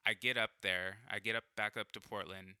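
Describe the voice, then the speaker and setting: A man's voice: lowish voice, steady tone, normal speed, sharp tone, clear, resonant tone, no echo, clean studio sound. A young man telling a personal story in casual chat, rambling, full of fillers and swearing.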